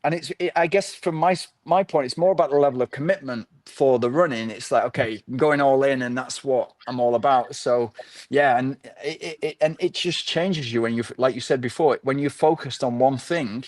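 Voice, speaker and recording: A man's voice: mid-range voice, fairly quick, a little mellow, dry recording. Man, dry close sound. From North of England. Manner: rambling, with many restarts and fillers. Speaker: podcast guest, ultra runner. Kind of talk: casual interview chat.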